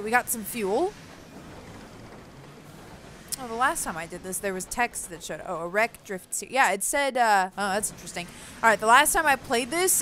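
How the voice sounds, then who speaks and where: A woman hosting a let's play, reading the game's story text aloud and chatting excitedly about it between passages. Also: mid-range voice, a little hiss or hum. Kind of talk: casual gameplay commentary, reading game text aloud.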